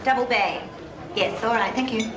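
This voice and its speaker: A woman's voice: a little high, steady tone, moderate pace, a loud crowd, very noisy, lightly acted. An actress playing a smug, wealthy, middle-aged society woman with a posh Australian accent in a TV sketch comedy. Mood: gossipy. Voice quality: affected, plummy.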